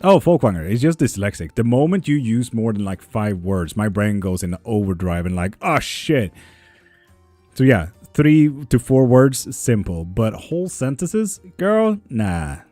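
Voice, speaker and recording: Low, mellow-voiced man chatting on a stream. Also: sing-song, normal speed, hardly any pauses, no room sound, soft background music. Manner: joking, swears casually, rambling. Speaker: live tarot stream host. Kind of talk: casual live-stream chat, reading comments.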